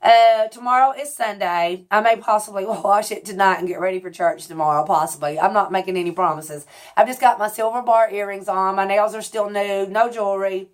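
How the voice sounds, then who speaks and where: A woman's voice: mid-range voice, fairly even intonation, a little fast. A woman in her forties talking casually to her viewers at home, in a rambling, confessional way that keeps correcting itself. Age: 40s. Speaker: vlogger. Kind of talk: casual chat.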